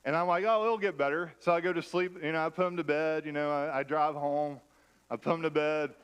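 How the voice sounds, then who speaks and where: A man's voice: fairly high pitch, flat delivery, a little fast, clear, resonant tone. Conversational man preaching a sermon. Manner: conversational, self-deprecating humor. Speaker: pastor. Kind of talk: sermon with personal storytelling. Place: church.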